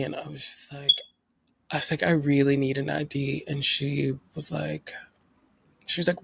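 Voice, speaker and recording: A young man tells his own story in a rambling, heartfelt way, racing through parts and leaning on fillers. His voice has a gravelly edge and sits at an ordinary pitch. The sound is dry and close. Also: a bit bright, no echo. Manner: rambling, emotional, fast bursts with many fillers. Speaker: vlogger. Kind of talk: personal storytelling.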